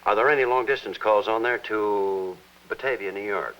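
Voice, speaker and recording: An actor playing a middle-aged hospital chaplain in a 1950s television drama, asking calm, earnest questions. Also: male voice, fairly low pitch, normal speed, a little hiss or hum, natural voice, rough recording.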